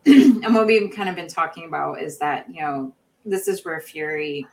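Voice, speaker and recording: A woman's voice: sits low, slight background noise, poor audio. A woman co-hosting a podcast, recapping a show in casual chat with lots of fillers and restarts. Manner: rambling, many fillers and restarts. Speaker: podcast co-host.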